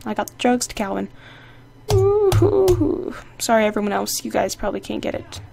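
A woman hosting her own gaming channel, giving casual, excitable, playfully sassy commentary while she plays. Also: mid-range voice, fast, gravelly, a little hiss or hum. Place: indoor home setup. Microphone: desk microphone.

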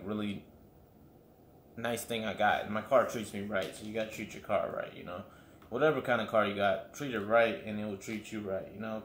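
A man hosting a casual solo podcast. He rambles and swears freely, filling his talk with "like" and "you know.". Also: fairly low pitch. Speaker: podcast host. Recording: echoey room with faint background noise.

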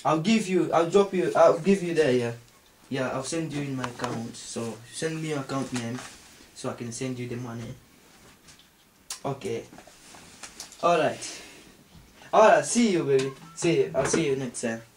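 A man acting a hot-tempered young man who yells, swears and threatens in an amateur comedy film. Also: mid-range voice, normal speed, long pauses, lightly acted. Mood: sweet-talking. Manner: yelling and swearing, then crooning on the phone. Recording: distant mic with faint noise.

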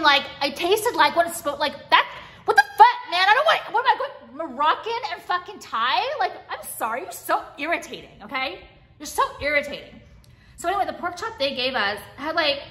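A woman's voice: on the high side, fairly bright tone. A woman vlogging a casual, exasperated rant, swearing freely and saying "like" constantly. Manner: exasperated, sweary, heavy use of "like". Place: car.

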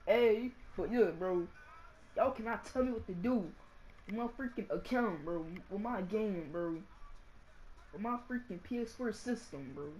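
A male gaming channel host giving casual gameplay commentary and ranting, saying "bro" and "y'all" constantly and swinging from mumbles to shouts. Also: sits high, lively intonation, a little slow, a little hiss or hum. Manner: slangy, fills nearly every phrase with "bro" and "y'all".

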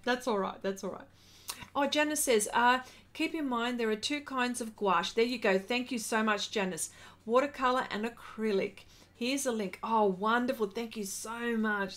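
Excitable woman chatting through an art livestream. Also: fairly high pitch. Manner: chatty, excitable, reads viewer comments aloud. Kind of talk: casual livestream chat while painting.

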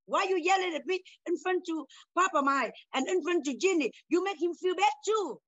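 High-voiced older mother in broken English. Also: lively intonation, a little fast, a bit bright, dry recording, highs cut off. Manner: confrontational, repeats phrases, non-native broken English. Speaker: mother in a family talk show. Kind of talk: heated family conversation.

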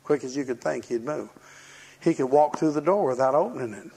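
A man's voice: mid-range voice, fairly quick, gravelly, dark tone, breathy edge. An older man preaching a sermon in a folksy, storytelling way, acting out the voices of people in his stories.

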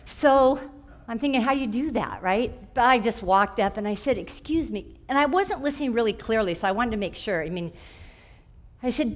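A woman's voice: on the high side, lively intonation, brisk. A woman telling a personal story in a conversational way at church, quoting voices as she goes. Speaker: church speaker.

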